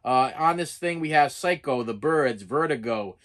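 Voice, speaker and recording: A man's voice: medium pitch, lively intonation, normal speed, fairly bright tone. A man with a Boston accent, rambling casually through an unboxing vlog and often stumbling over his words. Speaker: collector showing his purchases.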